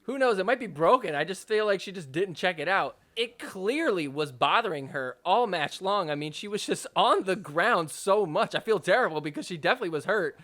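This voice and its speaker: Male podcast host, high voice, animated and jokey, casual commentary over clips. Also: fairly quick, few pauses. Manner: animated, laughing, mocking the players.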